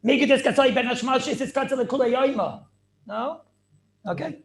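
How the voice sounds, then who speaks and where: A man teaching an animated Torah class over a video call, firing questions and mixing in Hebrew and Yiddish terms. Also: very high voice, normal speed. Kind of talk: lively online Torah class.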